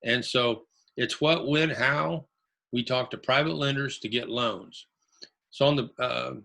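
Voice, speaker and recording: A man's voice: mid-range voice, bright, forceful tone. A man from Ohio teaching a real estate webinar, repeating his key phrases in an emphatic coaching way. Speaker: real estate investing instructor.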